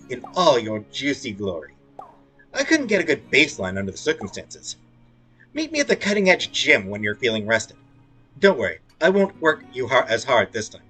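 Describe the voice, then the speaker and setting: This let's-play clip has a man reading game dialogue in character voices, tossing in playful jokes between the lines he reads. He speaks at a medium pitch with a bright, forceful tone and a breathy edge.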